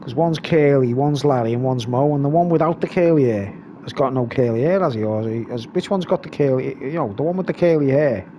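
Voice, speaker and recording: A man's voice: medium pitch, a little fast, warm tone, a little hiss or hum. A man hosting a live stream, rambling casually and reading comments aloud.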